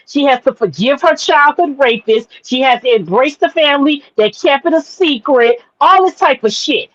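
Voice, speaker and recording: Blunt, high-voiced woman podcast host. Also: no room sound, dull audio. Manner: blunt and profane, with frequent stammered restarts. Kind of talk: casual chat.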